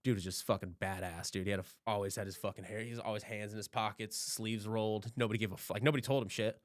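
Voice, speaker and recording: Fast-talking man telling a rambling story. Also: lowish voice, steady tone, no room sound, clean studio sound. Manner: rambling storyteller, swears freely, acts out quotes. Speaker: podcast host. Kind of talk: casual chat.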